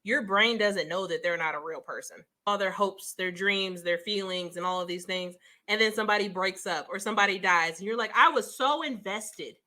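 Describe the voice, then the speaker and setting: A woman hosting a book club interview, chatty and quick to laugh, often affirming her guest. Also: medium pitch, fairly even intonation, bright, forceful tone. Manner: chatty, giggly, frequent affirmations. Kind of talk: casual interview chat.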